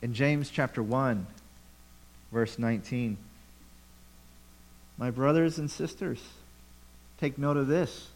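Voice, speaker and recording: A man's voice: mid-range voice, takes it slowly, long pauses, darkish tone, low-quality recording. A pastor preaching a conversational sermon to his church, with rhetorical questions and repeated phrases.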